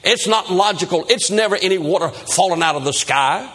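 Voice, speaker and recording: A loud, dismissive skeptic who scoffs at every warning, as a preacher puts him on. The voice sits higher than usual and has a husky edge. It is acted out in the middle of a spoken sermon story. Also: male voice, expressive, a little fast, full character voice. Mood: scoffing. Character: scornful grown man scoffing at the preacher.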